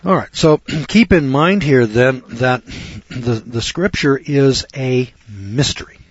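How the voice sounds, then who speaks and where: A man's voice: mid-range voice, takes it slowly, husky, no echo. A middle-aged man, a lawyer, giving a folksy, sarcastic lecture on Bible passages and spinning courtroom stories as he goes. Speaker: lawyer teaching scripture. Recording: dull lo-fi recording.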